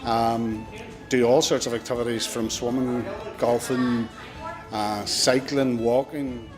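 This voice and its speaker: A man explains the work of a men's group in a plain, steady way. His voice sits at a middle pitch, with music clearly in the background. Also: slow.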